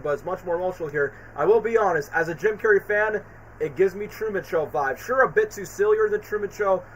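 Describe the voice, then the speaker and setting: A man with a slightly higher voice than most rambles through an excited, filler-heavy live stream chat. Faint room ambience sits behind him. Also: slight background noise, rough recording. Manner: excited, rambling fan talk with many fillers.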